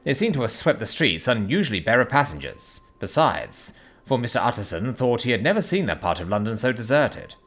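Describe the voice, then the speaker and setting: A man giving a dramatic, expressive scripted narration of an audiobook. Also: medium pitch, brisk.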